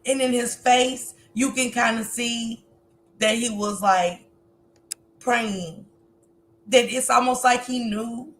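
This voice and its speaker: Speaking slowly with long pauses, this livestream host keeps a steady tone at a fairly high pitch, and a faint hiss or hum runs underneath. She's an adult woman with a grown son, and her casual commentary to viewers is emotional and sermon-like.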